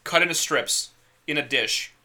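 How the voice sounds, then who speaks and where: Young man, casual podcast co-host, very bright tone, profane animated storytelling. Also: fairly high pitch, normal speed. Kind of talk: casual chat.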